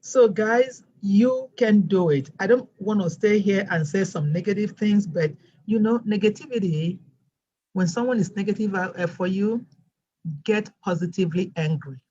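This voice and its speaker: A woman with a non-American English accent, telling her story as a guest teacher in a lively storytelling way. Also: mid-range voice, normal speed, highs cut off. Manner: animated storyteller, acts out quoted voices. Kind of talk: storytelling interview chat.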